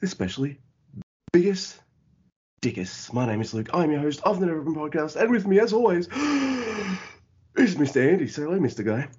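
A man's voice: fairly high pitch, very animated, quick pace, a little mellow, slightly rough. A man hosting a podcast in casual chat, goofy and full of playful wordplay. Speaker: podcast host. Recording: dull lo-fi audio.

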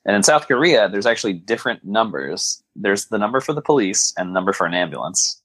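A man's voice: fairly low pitch, animated, quick pace, a bit bright, slightly rough, no room sound, poor audio. A man co-hosting a podcast, chatting casually about a film in a rambling way with dry, wry remarks and plenty of fillers. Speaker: podcast co-host. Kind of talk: casual film-discussion chat.

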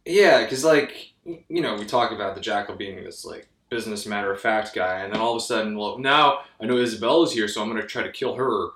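A man co-hosting a casual film review chat, animated and mocking, swearing casually. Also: lowish voice, fast. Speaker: podcast co-host. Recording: echoey room, a bit off mic.

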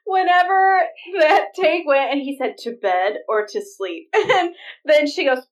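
A woman's voice: high voice, lively intonation, unhurried, far from the mic, poor audio. A young adult woman co-hosting a podcast in casual chat, giggly and explaining behind-the-scenes details. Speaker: podcast co-host.

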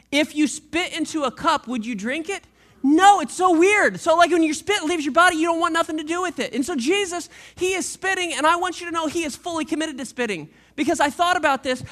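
A pastor preaching a sermon in a casual, animated way, full of slang and playful asides. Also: sits high, fairly quick. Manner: animated, conversational storytelling with slang; shifts into a quiet, reflective tone late on.

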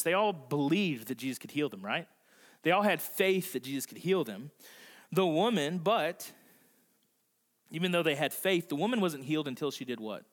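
A male pastor preaching a conversational sermon, slowing down and softening his voice for emphasis. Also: on the high side. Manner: acts out voices in quotes. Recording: long reverb of a large hall.

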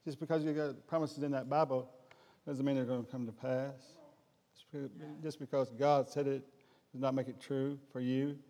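A man's voice: mid-range voice, flat delivery, moderate pace, warm tone, long reverb tail. A man preaching a humorous sermon in a folksy, jokey way. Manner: folksy, jokey, addresses crowd as guys.

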